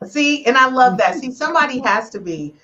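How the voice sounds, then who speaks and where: A woman's voice: high-pitched, animated, fairly quick, pushed and bright, dull audio. A woman hosting a live relationship podcast, teasing her guests and getting emotional. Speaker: podcast host.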